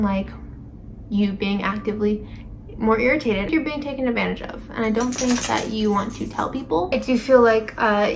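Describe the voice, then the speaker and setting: A woman's voice: on the high side, slight background noise. A woman giving a casual tarot reading to camera, rambling with lots of fillers and self-corrections. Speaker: tarot reader.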